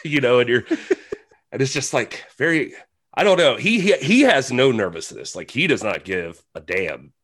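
A man's voice: medium pitch, very animated, moderate pace, background noise. A man as a podcast guest, telling rambling, self-deprecating stories in casual chat.

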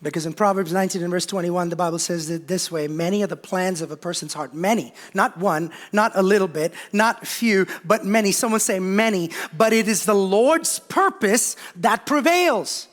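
A man's voice: high-pitched, moderate pace, few pauses, a bit bright. A young adult man preaching a sermon as pastor in a church, calling out to the congregation. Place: church sanctuary.

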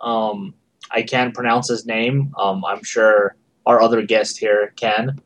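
A man's voice: lowish voice, slow, slight background noise. A man guesting on a gaming podcast, casually recounting his weekend with plenty of fillers. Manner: relaxed, rambling storyteller.

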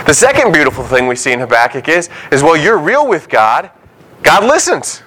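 Animated male pastor preaching. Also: fairly high pitch, brisk, a little hiss or hum, rough recording. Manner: conversational preaching that acts out short quoted voices. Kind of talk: sermon.

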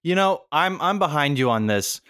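A man's voice: a little high, lively intonation, normal speed, a bit bright, clean tone, dry recording. Easygoing podcast man, dry sound. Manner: easygoing, agreeable, storytelling with small stumbles. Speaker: podcast co-host. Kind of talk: casual podcast chat.

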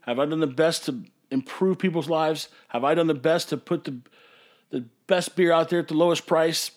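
A man's voice: fairly high pitch, moderate pace. A man, a brewery owner hosting a podcast, ranting in an emphatic, passionate way that sometimes turns to hollering. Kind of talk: casual ranting monologue.

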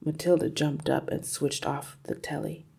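Husky gravelly woman reading a kids book slow, lots of ups and downs. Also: low-pitched. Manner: expressive, slow and careful. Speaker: storyteller and reading teacher. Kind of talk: reading a children's novel aloud with study questions.

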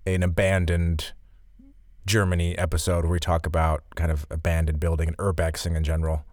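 A man's voice: deep voice, monotone, a little fast, darkish tone, no echo, clean studio sound. A man co-hosting a podcast, easygoing and joking, rambling a little as he talks. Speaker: podcast co-host. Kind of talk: casual chat.

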